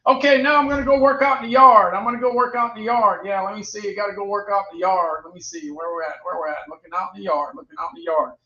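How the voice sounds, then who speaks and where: A man's voice: sits high, steady tone, fast talker, few pauses, bright, forceful tone. A man hosting a casual livestream, chatting about products, repeating himself and reading out prices and ratings. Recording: roomy, dull lo-fi sound.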